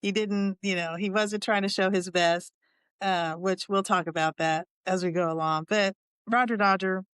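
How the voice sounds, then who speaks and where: A woman's voice: mid-range voice, fairly even intonation, moderate pace, a bit bright, smooth, dry recording. A woman in her sixties hosting a podcast, telling a dating story in a humorous, candid way, with chatty asides and frequent laughter. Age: 60s. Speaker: podcast host.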